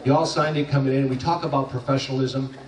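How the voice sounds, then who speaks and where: A man's voice: medium pitch, fairly even intonation, fast talker. A man giving a graduation speech, telling a funny story in a loose, jokey way with frequent restarts. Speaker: graduation speaker. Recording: echoey hall from far off.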